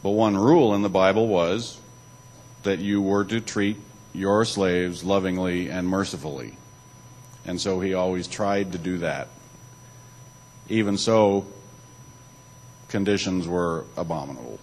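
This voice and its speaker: A man's voice: low-pitched, a little slow, long pauses, darkish tone, a little hiss or hum, low-quality recording. A man giving a church talk, alternating between reading aloud and loose spoken asides, with occasional restarts. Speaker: church speaker.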